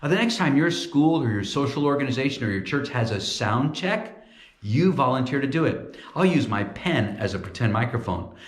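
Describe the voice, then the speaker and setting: A man giving a playful, comic ventriloquism demonstration, talking in a lively storytelling way. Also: mid-range voice, normal speed, roomy sound. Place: church.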